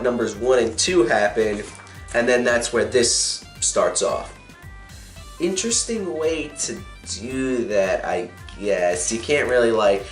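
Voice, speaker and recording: A young man casually reviewing a comic, recapping the plot in a rambling way with many fillers and restarts. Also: mid-range voice. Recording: echoey room with faint music.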